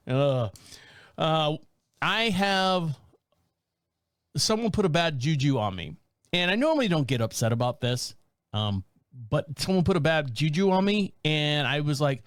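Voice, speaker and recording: A man's voice: fairly high pitch, a little slow, long pauses, dry recording, studio quality. A man in his fifties hosting a podcast, telling comedic stories in a casual, rambling way and laughing often. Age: 50s. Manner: animated, laughs often, acts out voices. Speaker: podcast host. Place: small rural town.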